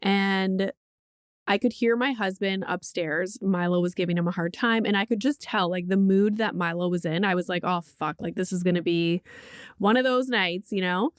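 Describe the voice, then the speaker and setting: A woman's voice: mid-range voice, normal speed, clear, resonant tone, no echo, clean studio sound. A woman hosting a podcast in casual chat, telling a parenting story candidly, swearing freely and saying "like" often. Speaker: podcast host; mother of a young child.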